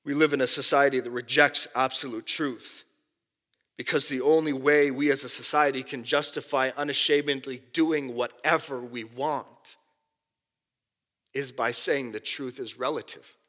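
Brief: male preacher, bright high voice, impassioned, loud then hushed, in a reverberant hall. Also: steady tone, normal speed. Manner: impassioned, swinging between loud emphasis and hushed asides. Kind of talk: sermon.

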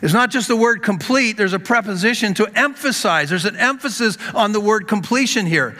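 A man preaching a sermon in a voice that sits high and rings bright. He presses his points with repeated words and calls out to the congregation. A long reverb from the hall trails each phrase. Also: lively intonation, moderate pace. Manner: emphatic, repeats words, addresses congregation as folks. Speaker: pastor.

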